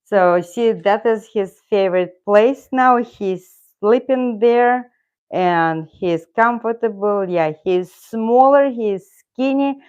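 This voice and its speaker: A woman's voice: medium pitch, slow, darkish tone, clean tone, dull audio. A middle-aged woman from Russia, a native Russian speaker, hosting a casual live stream with rambling, self-correcting talk and frequent chuckles. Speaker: channel host.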